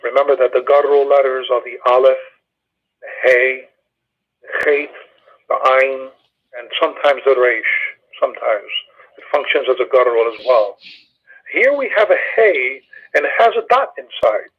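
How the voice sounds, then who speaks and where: A man with a husky voice teaches Hebrew grammar in a Bible study, explaining step by step and pausing often on fillers. He comes through a thin, tinny phone line. His pitch sits in an ordinary middle range. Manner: methodical, patient explaining with frequent "uh" fillers. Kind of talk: Hebrew grammar lesson over a phone call.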